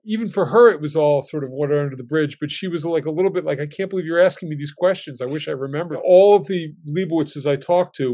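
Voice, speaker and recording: A man's voice: on the high side, mellow. A man in his sixties, a guest telling family stories in a casual way and acting out his relatives' lines as he goes.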